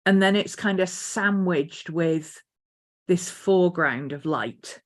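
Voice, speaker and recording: A woman artist thinking aloud as she sketches, unhurried, now and then cooing to her dog. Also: on the low side. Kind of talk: casual art vlog narration. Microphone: desk mic.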